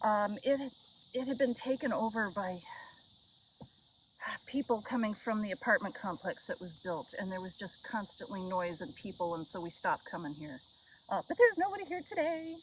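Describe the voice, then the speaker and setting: Outdoors on a river island, a vlogger chats casually and self-deprecatingly to her viewers at normal speed in a mid-range voice. The head-mounted action camera picks up a noisy background of insects and nature.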